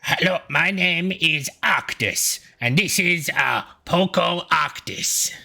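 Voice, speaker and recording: A man's voice: a little high, slow pace, gravelly, sharp tone, voice pushed up, full character voice. A man voicing a courteous, fatherly penguin shopkeeper in a slightly raised voice. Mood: polite.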